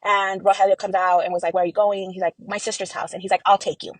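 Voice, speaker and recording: A woman's voice: mid-range voice, little pitch movement, fast, no room sound, low-quality recording. Woman telling a family story, dry sound. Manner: earnest storytelling with many fillers and quoted dialogue. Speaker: interview guest. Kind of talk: personal testimony in an interview.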